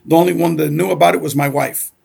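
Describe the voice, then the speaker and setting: A man's voice: on the high side, steady tone, quick pace, gravelly, darkish tone, slightly rough. A middle-aged man from Cuba telling a story in a casual way, often checking in with "okay?". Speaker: guest.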